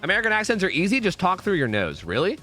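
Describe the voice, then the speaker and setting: A man's voice: high voice, huge pitch swings, fast, sharp tone, faint music behind. A young man streaming a game, talking casually and rambling with his viewers, swearing freely.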